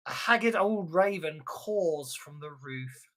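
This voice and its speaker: A woman's voice: sits low, lively intonation, slow, a bit bright. A woman with an Irish accent running a tabletop role-playing game as game master. She narrates casually, with fillers, restarts and frequent laughter. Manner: chatty, laughs often, many restarts and fillers.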